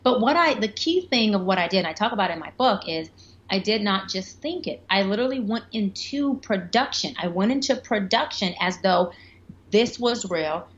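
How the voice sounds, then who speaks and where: A woman life coach telling a personal story in a podcast interview, animated and full of quoted voices. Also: medium pitch, moderate pace. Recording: dull lo-fi sound.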